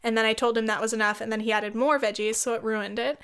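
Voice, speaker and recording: A woman with a slightly high, smooth and clear voice chats casually as a podcast host. She tells her story bluntly, swears freely and often breaks into laughter. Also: steady tone, quick pace, a bit bright.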